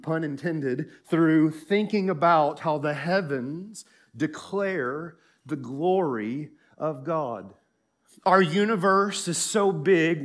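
A man preaching a sermon as pastor, emphatic and fervent, with slow phrasing, pauses and repeated phrases, in a church. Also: fairly high pitch. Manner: emphatic, rising into fervent declarations; speaks slowly with many pauses and repeated phrases.

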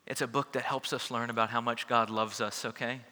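A male pastor closing a sermon by reading a storybook to children, speaking in a warm, animated way. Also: mid-range voice, brisk, in a large hall. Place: church sanctuary.

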